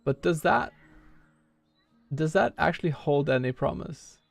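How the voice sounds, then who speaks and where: A man's voice: a little high, animated, a little slow, vocal fry, no room sound, faint music behind. A man streaming a speedrun, rambling casually and thinking aloud with lots of filler words. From Norway. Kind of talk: casual live-stream chat while playing.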